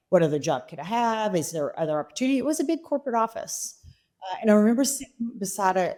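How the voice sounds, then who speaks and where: A middle-aged woman, a company chief, telling animated stories about her career in an interview. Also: fairly low pitch. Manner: animated anecdotes, quoting her father. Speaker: guest, company CEO. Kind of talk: interview storytelling.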